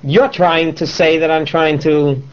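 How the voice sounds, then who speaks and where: A man lectures a Torah class with lively, swooping emphasis, asking his students rhetorical questions and mixing in Hebrew terms. The recording sounds dull and lo-fi. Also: fairly high pitch, unhurried, crowd noise. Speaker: rabbi teaching a class.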